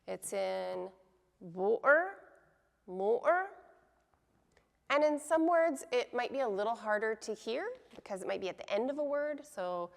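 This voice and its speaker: A woman teaching pronunciation in a patient way, explaining each sound slowly and repeating the words. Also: on the high side, gravelly, long reverb tail. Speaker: language teacher. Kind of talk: pronunciation lesson.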